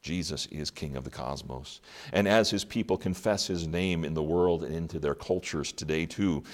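Male pastor, deep voice, sermon delivery with pointed questions and long pauses. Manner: dramatic pauses, rhetorical questions. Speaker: preacher.

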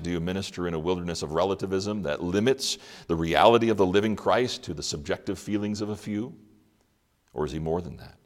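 A man preaching an Advent sermon, reading scripture aloud and asking the listeners rhetorical questions, with dramatic pauses. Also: low-pitched.

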